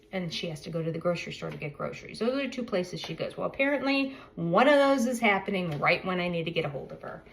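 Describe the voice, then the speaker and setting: A woman's voice: mid-range voice, poor audio. A middle-aged woman chatting casually in a vlog, telling a rambling story and correcting herself as she goes. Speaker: vlogger. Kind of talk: casual chat.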